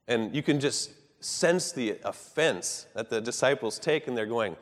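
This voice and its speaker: A man preaching a sermon in an earnest, measured way, rising for emphasis and dropping soft at the ends of thoughts. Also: mid-range voice, lively intonation, in a large hall.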